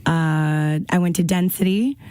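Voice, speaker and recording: A woman's voice: lowish voice, a little slow, mellow, no room sound. A woman co-hosting a casual radio show, chatty and rambling with lots of fillers, a bit out of breath. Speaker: radio co-host. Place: radio studio.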